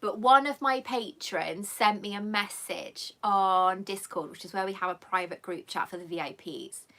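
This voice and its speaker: A woman's voice: mid-range voice, moderate pace, fairly bright tone. A woman hosting a live stream, chatting affectionately with viewers in a rambling, emotional way and coming close to tears. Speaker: channel host.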